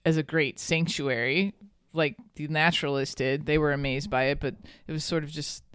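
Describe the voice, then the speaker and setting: A woman's voice: low voice, steady tone, normal speed, clear, resonant tone, dry recording, clean studio sound. A woman hosting a podcast, telling a local history story in a chatty, casual way and laughing often. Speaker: podcast host.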